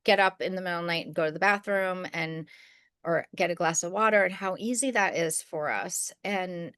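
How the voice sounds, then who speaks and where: A middle-aged woman telling a story on a podcast, casual and rambling, with many restarts and fillers. Her voice is smooth and clear, recorded close and dry. She slips into the voices of the people she quotes. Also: lowish voice, a little fast, fairly bright tone, dry recording. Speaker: podcast co-host.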